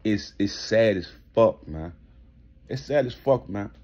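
A man's voice: fairly low pitch, expressive, slow, highs cut off. A man ranting in an indignant commentary vlog, emphatic and swearing heavily. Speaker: commentary vlogger.

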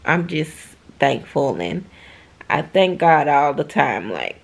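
Woman vlogger, crying softly, slow halting delivery. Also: deep voice, sing-song, gravelly, husky. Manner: tearful, heartfelt, slow and halting. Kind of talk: emotional casual vlog talk.

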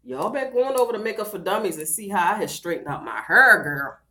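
Sassy middle-aged baltimore woman livestreaming, bright voice that jumps all over, calls everyone girl. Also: mid-range voice, expressive, brisk. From Baltimore, USA. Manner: sassy, chatty, calls viewers girl and child. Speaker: livestream vlogger. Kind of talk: casual livestream chat with viewers.

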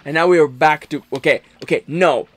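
A man's voice: on the high side, fairly quick, soft background music. A man co-hosting a casual let's-play, reacting to his partner with teasing exasperation. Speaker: co-host playing a game. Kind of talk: casual gameplay chat.

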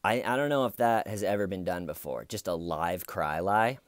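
A man's voice: deep voice, normal speed, no echo, studio quality. A man giving casual, sarcastic commentary on a YouTube video, joking and conversational. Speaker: YouTube true-crime commentator.

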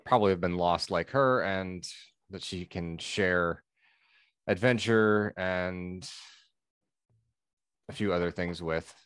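A man with a fairly low voice introduces himself and his character on a tabletop game stream. He muses aloud, pausing and hedging with plenty of fillers. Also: a bit bright, smooth, no room sound, clean studio sound. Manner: musing, hesitant with fillers. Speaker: player. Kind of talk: casual chat on a game stream.

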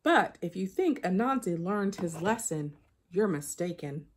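A woman reading a children's picture book aloud in an expressive storytelling manner. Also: fairly low pitch, a little slow, a little hiss or hum. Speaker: storybook reader.

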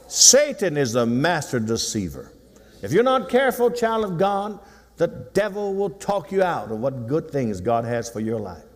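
Man, 60s, pastor, sermon, teasing call-and-response, fairly high voice, reverberant hall. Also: sing-song, moderate pace. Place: church sanctuary.

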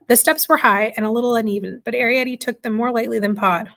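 A woman reading a children's storybook aloud in a measured way, now and then correcting herself. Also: a little high, steady tone, creaky, a bit bright. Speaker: reader.

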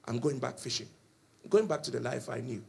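A male preacher voicing the apostle Peter, boasting and then fearfully denying in a high voice. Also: lively intonation, fairly quick, vocal fry, darkish tone, husky, full character voice. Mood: downcast. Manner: high-pitched protesting denials.

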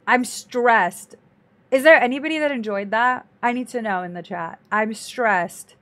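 A woman's voice: fairly high pitch, unhurried, a bit bright. A woman streamer reacting to a video in casual commentary, dramatic and exclaiming, talking to her chat.

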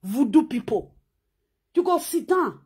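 A high-pitched woman speaking with a Nigerian Pidgin accent. She rants at the camera in a scolding, mocking, animated way. She keeps sewing as she talks. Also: a little slow. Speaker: vlogger. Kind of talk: ranting vlog commentary.

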